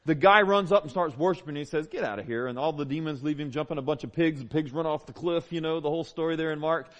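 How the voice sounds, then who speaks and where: A man's voice: a little high, quick pace, a bit bright, highs cut off. A man, preaching a sermon as a pastor, conversational and emphatic with repeated phrases. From Southern United States. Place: church.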